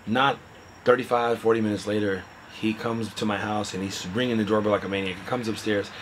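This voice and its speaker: A man earnestly recounting a personal story in a halting way, his voice often trailing off quietly. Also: lowish voice, steady tone, a little hiss or hum, low-quality recording. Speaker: interviewee telling a personal story. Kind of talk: candid personal account.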